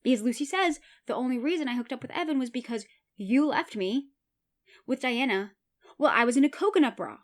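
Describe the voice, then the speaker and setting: A woman with a slightly high voice, talking through a TV episode recap in a casual, chatty way. She gets animated as she retells the scenes. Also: brisk. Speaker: podcast host.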